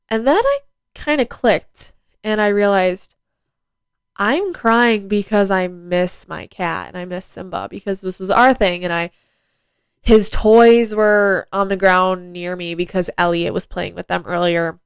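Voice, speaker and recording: A woman's voice: medium pitch, a little slow, clear, resonant tone, dry recording. A teenage girl hosting her own podcast, talking casually and rambling with lots of ums and likes. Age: teens. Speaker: podcast host. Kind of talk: casual solo podcast talk.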